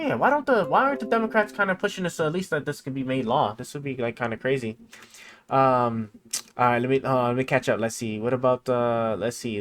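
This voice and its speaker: A man's voice: mid-range voice, a little hiss or hum. Rambling man chatting live. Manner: rambling, thinks aloud with many fillers; reads text aloud haltingly. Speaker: livestream host. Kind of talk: casual live chat.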